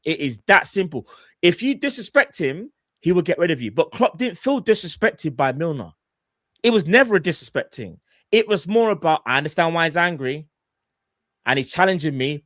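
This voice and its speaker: A young man, co-hosting a casual football fan show and arguing his points in slangy, animated talk. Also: high-pitched, dry recording, studio quality. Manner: animated, slangy, acts out quotes. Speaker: fan podcast co-host.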